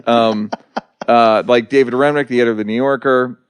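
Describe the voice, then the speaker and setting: A man's voice: mid-range voice, fairly even intonation, fairly quick, smooth, no room sound. A man telling a story on a podcast in a casual, profane, dry way, now and then quoting others. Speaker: guest comedian.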